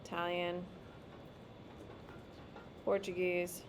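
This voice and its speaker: A woman's voice: on the low side, completely flat delivery, very slow, noisy background. A woman teacher giving a casual, emphatic classroom lecture while drawing on a map.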